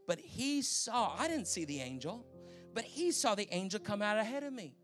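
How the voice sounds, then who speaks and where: Animated high-voiced preacher man over music. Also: normal speed. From Canada. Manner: animated storytelling, acting out quoted voices. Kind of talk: sermon testimony.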